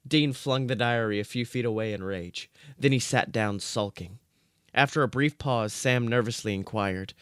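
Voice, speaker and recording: Deadpan man reading fan fiction. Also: on the low side, moderate pace, clean tone, no room sound, studio quality. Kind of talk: comic story reading.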